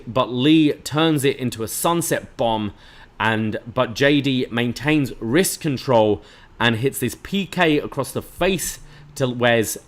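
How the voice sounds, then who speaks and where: A man co-hosting a podcast, walking through a wrestling show move by move in a relaxed, chatty way. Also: mid-range voice, unhurried. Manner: play-by-play retelling with fillers. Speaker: podcast co-host. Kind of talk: casual wrestling recap.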